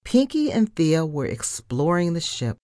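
A woman reading a children's storybook aloud in first person, with an animated delivery. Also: low-pitched, unhurried, no room sound, studio quality.

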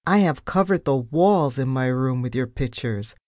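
A woman's voice: a bass voice, animated, normal speed, a little mellow, no room sound, studio quality, pitched below the performer's own voice. A woman voicing a pushy, cheeky young female mouse reporter in a storybook. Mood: chatty.

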